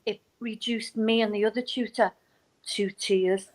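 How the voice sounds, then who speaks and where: A woman's voice: medium pitch, measured pace, rough recording. A middle-aged woman, telling stories in a casual chat as a guest and acting out the people she quotes. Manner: animated, acts out quoted voices. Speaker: guest, novelist and poetry teacher.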